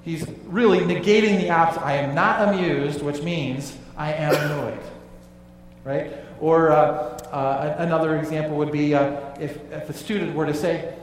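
Male pastor, slightly high voice, emphatic sermon delivery with low hushed drops; long-reverb church hall, mic at a distance. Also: steady tone, moderate pace, a little hiss or hum. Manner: emphatic, drops low and quiet on key phrases.

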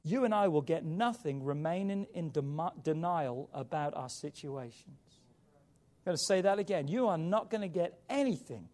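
High-voiced preaching pastor, emphatic. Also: male voice, darkish tone. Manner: preaching with emphatic rises and drops. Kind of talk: sermon.

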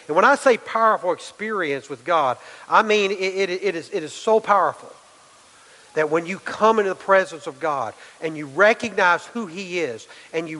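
Pastor, male, slightly high voice, conversational preaching with long hall reverb. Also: a bit bright. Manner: conversational preaching, acts out quotes, repeats words. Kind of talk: sermon.

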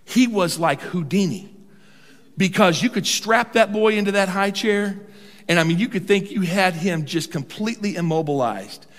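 An older man preaching a sermon as pastor, animated and humorous, drawing out key words for emphasis. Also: sits high, moderate pace. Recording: long hall reverb.

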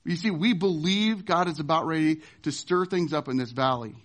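A man preaching a sermon as pastor, emphatic, swinging from loud to hushed. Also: fairly high pitch, normal speed.

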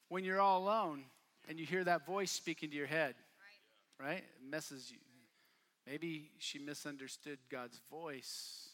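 Man preaching, bright ringing voice, fairly high pitch, repeats lines for emphasis, swings from soft to loud. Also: steady tone, measured pace. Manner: builds from quiet talk to shouting bursts; casual, repeats phrases for emphasis. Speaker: youth pastor. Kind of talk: sermon. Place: camp meeting hall.

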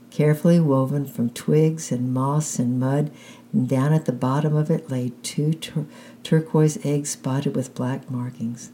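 Deep-voiced woman reading a children's novel. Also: a little hiss or hum. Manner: calm, unhurried first-person narration. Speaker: audiobook reader.

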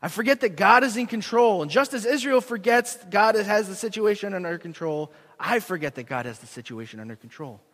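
A young man delivers a sermon from the front of a church, earnest and animated, at times laughing at himself. His voice sits high for a man. The big sanctuary wraps every word in a long, ringing reverb. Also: brisk, few pauses. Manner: earnest, animated, self-deprecating. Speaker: preacher. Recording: long echo of a large hall.

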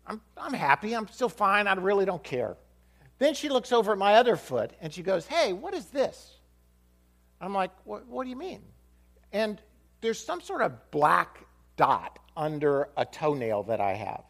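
Animated pastor. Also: male voice, a little high. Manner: animated, acts out dialogue with shifting voices. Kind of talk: storytelling sermon.

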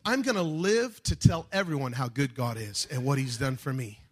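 A man preaching a sermon, building from calm teaching to fervent shouted passages. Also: mid-range voice, moderate pace, slightly rough. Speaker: pastor.

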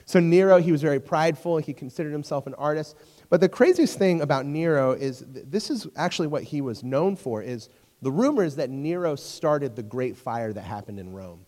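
A man's voice: fairly high pitch, brisk. Man preaching with a storyteller's energy in a reverberant hall. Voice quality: storytelling, jokey and animated, talks to crowd. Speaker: youth pastor. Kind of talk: sermon. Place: church hall.

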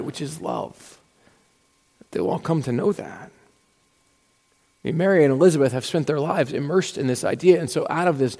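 A man's voice: a little high, brisk, creaky, darkish tone. A man preaching a sermon in a conversational, storytelling way, acting out little asides as he goes. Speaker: pastor. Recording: long hall reverb.

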